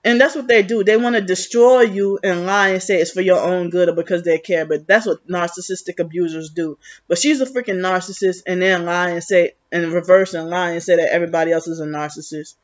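A woman's voice: on the low side, steady tone, a little fast, few pauses. A woman vlogging in a rambling, agitated, accusatory monologue, full of restarts. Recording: muffled lo-fi recording.

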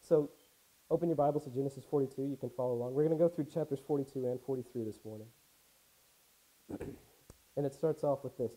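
A man's voice: mid-range voice, quick pace, warm tone, poor audio. A man preaching a casual sermon, reading scripture aloud and adding wry, conversational asides. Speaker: pastor. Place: church.

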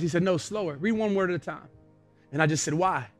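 A young man preaches with a high, ringing voice, dropping to a hush and then building to shouts. It's a sermon, and faint music plays beneath him. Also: quick pace. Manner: swings from hushed to shouted preaching. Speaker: pastor.

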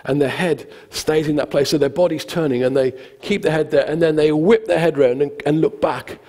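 A man's voice: fairly high pitch, fairly quick, long reverb tail. A man, a pastor preaching a sermon, telling the stories conversationally and acting out the quotes. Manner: conversational, animated storytelling with acted quotes. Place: church hall.

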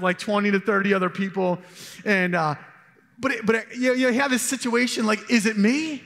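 A man's voice: sits high, fairly quick, pushed and bright, big-room sound. A man preaching a sermon as pastor, telling stories in a loose, conversational way. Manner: conversational storytelling with asides. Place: church hall.

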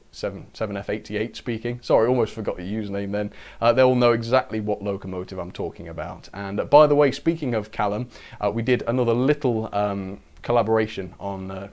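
A man's voice: lowish voice, a little mellow. A man hosting a casual model train live stream, chatting upbeat and thanking viewers. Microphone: camera-mounted microphone.

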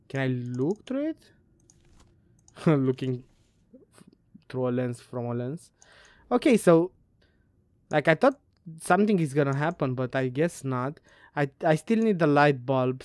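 A woman's voice: very deep voice, darkish tone, no echo. A woman playing a puzzle game and giving let's play commentary, muttering, swearing and laughing to herself. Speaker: gamer.

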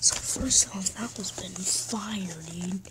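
A woman whispering excitedly over crinkling card packs. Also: mid-range voice, takes it slowly. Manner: often hushed and whispery, excitable. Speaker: channel host. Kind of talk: card-pack opening vlog. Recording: noisy with crinkling wrappers. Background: tearing and crinkling card packs.

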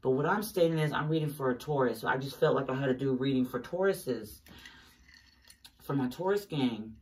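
A woman's voice: a bass voice, brisk, a little mellow, recorded from a distance. A woman giving a casual tarot reading, talking emphatically to her viewers and cursing often. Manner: emphatic, swears often, talks straight to viewers. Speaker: tarot reader.

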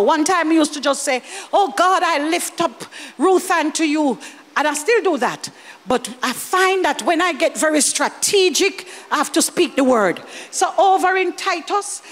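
A woman with a Jamaican accent preaching a lively sermon, slipping into Jamaican Creole and chuckling as she speaks. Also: extremely high pitch, big-room sound. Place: church hall.

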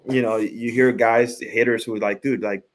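A man in his thirties, a former college pitcher, talking baseball in a rambling, casual podcast chat, often repeating words as he thinks. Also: little pitch movement, a little fast.

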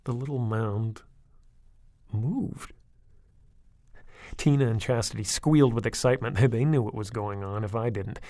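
A man with a gravelly voice narrates a creepy first-person story, wry and conversational. The recording is close and dry, with no room around it. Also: lowish voice, unhurried, long pauses, dark tone, no echo. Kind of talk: audiobook reading of a horror story.

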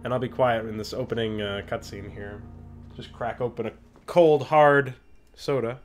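A man's voice: medium pitch, fairly even intonation, normal speed, music in the background. A man hosting a let's-play, talking casually and enthusiastically about a game he is playing. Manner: chatty, enthusiastic. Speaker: host.

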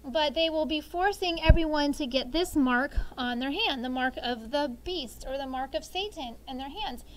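A high-pitched woman leads a sixth grade vocabulary lesson. She talks in a chatty, explaining way, leaning on everyday examples and tagging many points with a quick "okay?". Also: fairly bright tone, a little hiss or hum, poor audio.

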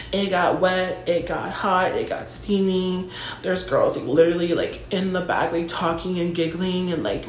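A woman's voice: lowish voice, a little mellow, echoey room. A young woman telling a comedic story in a ditzy, self-absorbed valley-girl manner, packing her talk with "like" and swearing freely. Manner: self-absorbed, brash and profane.

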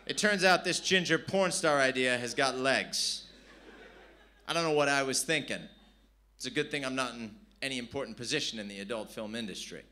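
A man's voice: medium pitch, fairly quick, bright, forceful tone. A man from San Diego, performing brash, profane stand-up with crowd work at a live comedy venue. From San Diego, California.

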